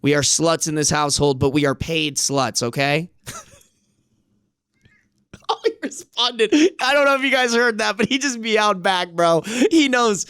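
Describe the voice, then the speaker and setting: A man's voice: high voice, animated, measured pace, sharp tone, smooth, no echo, studio quality. A man streaming live from home, chatting casually and cooing in playful baby talk to his cat, swearing freely. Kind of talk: casual livestream chat.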